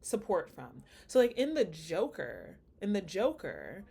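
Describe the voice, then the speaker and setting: A woman's voice: fairly low pitch, wildly swooping pitch, measured pace, gravelly, warm tone, husky. A woman with a slight Nigerian accent, vlogging in a casual, rambling way, thinking aloud with many fillers. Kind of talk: casual reflective monologue.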